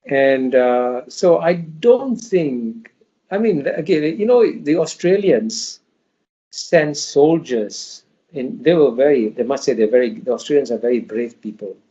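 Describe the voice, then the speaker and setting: A man's voice: mid-range voice, animated, measured pace, dark tone. A man giving emphatic interview answers in a lecturing way, often restarting his sentences. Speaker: interview guest. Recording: dull lo-fi audio.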